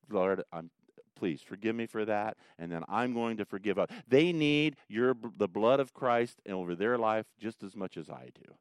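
A middle-aged man preaching a sermon in a relaxed, storytelling way. His voice is very animated in pitch, leaping up for emphatic exclamations and sinking low and soft for reflective lines. The sound is close and dry, with little room around it. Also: moderate pace, clear, resonant tone, dry recording. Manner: conversational storytelling, swinging between loud emphatic bursts and soft near-whispers. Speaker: pastor.

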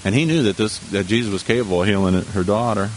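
A man's voice: fairly low pitch, quick pace, a little hiss or hum. Conversational man preaching a sermon. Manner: conversational, with asides and rhetorical questions. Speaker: pastor.

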